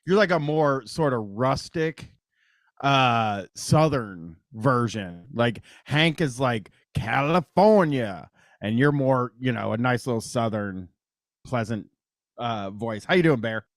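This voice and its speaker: A man's voice: medium pitch, expressive, takes it slowly, dry recording. Man, Midwestern accent, radio call-in host, rambling, casual swearing, dry close sound. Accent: Midwestern American. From Columbus, Ohio, US Midwest. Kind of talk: casual radio talk show chat.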